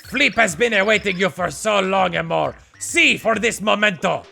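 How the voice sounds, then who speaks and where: A man's voice: high-pitched, moderate pace, creaky, bright, forceful tone, faint music behind, heavily acted. A man voicing a dramatic, lovesick male pixel creature with a mock French accent, drawn out and theatrical.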